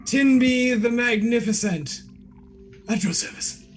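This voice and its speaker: A man's voice: very high voice, slow pace, faint music behind, pitched above the performer's own voice. A man voicing a portly, bald, eccentric male alchemist who speaks in a grandiloquent, theatrical way. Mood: courtly. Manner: grandiloquent, theatrical, swooping outbursts.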